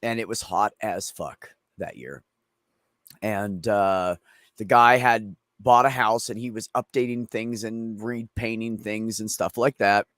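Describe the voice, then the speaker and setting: A man's voice: fairly low pitch, fairly even intonation, unhurried, a bit bright, no room sound, studio quality. A man hosting a casual chat, telling a long story in a rambling, profane way. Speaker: streamer host.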